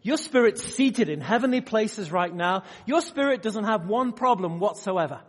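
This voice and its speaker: Animated preacher with a high, lively voice. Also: male voice, normal speed. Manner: animated, swings from loud emphatic bursts to quiet asides; asks the audience direct questions. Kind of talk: sermon. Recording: long hall reverb.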